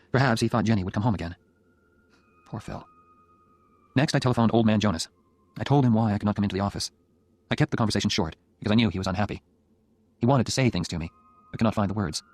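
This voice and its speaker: A man narrating an audiobook in the first person, in a quiet and subdued way. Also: fairly low pitch, fast, pauses often, slightly rough, no echo.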